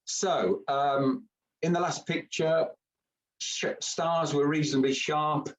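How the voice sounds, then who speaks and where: A man's voice: a little high, fairly even intonation, slow. Chatty man, far from the mic. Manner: chatty, joking, hesitant with fillers. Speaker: camera club presenter. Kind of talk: informal club talk.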